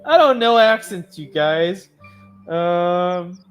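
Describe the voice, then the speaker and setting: Woman, casual game commentary, giggly, self-mocking, animated pitch, faint music. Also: a little slow, pauses often. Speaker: host. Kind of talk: casual let's play commentary.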